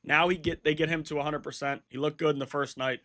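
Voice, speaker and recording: Male betting-show host with a bright, fairly high voice; earnest, stat-heavy, insistent. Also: fairly even intonation, fast talker. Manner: earnest, stat-heavy, repeats himself when emphatic. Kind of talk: sports betting analysis.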